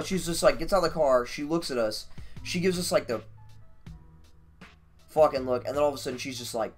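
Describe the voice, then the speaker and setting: A man streaming, telling a story casually in a profane, animated, rambling way. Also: medium pitch, normal speed, soft background music.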